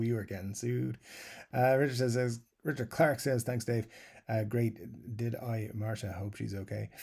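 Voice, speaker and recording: A man with a gravelly, low-set voice that has a warm, mellow tone. He hosts a live stream, casually reading viewer comments aloud and waffling through his answers, with fillers and easy chuckles. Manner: rambling, self-described waffler, many fillers. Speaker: guitar channel host.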